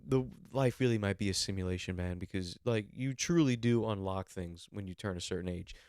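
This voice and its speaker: A man's voice: low-pitched, fairly quick, a little mellow, clean tone, no echo, studio quality. A man in his twenties, a podcast host, telling rambling stories in a casual monologue and swearing freely. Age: 20s.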